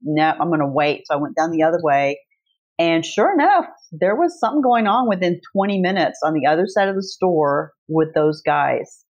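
A brash, blunt woman guest spins stories in a casual chat, her lowish voice coming through a dull, muffled line. She swears easily and talks to herself out loud as she tells them. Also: normal speed. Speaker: podcast guest, author.

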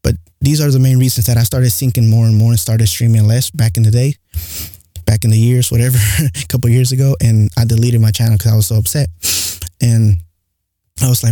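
A young man with an accent talks on his podcast in a loose, rambling monologue, leaning on "like" as he goes. His voice is very dark and mellow. It is recorded close and dry. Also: medium pitch, flat delivery, fairly quick, no echo. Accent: non-standard English accent. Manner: rambling and candid, heavy use of "like". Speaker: podcast host. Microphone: studio mic close up.

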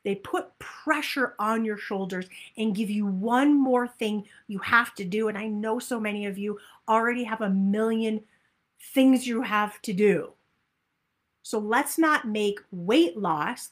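Upbeat woman coaching with animated energy. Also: fairly high pitch, a little slow. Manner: upbeat, animated, acts out inner voices. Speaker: health and weight-loss coach. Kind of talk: motivational talk.

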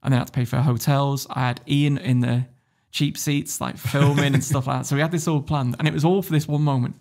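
A man's voice: mid-range voice, fairly even intonation, brisk, a little mellow. A man telling a story as a podcast guest, blunt and swearing freely, laughing as he goes. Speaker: guest entrepreneur. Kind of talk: casual storytelling.

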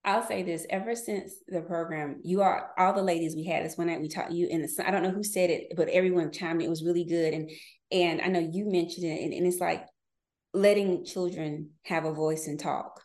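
A woman's voice: on the low side, steady tone, brisk, darkish tone. Candid, laughing woman in her forties. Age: 40s. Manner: candid storytelling, laughs often, slips into quoted voices. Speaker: podcast guest. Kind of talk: casual interview chat.

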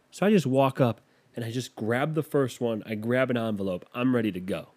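A man's voice: mid-range voice, a little fast, darkish tone. A man telling a rambling, self-deprecating story in casual chat, losing his thread and picking it back up.

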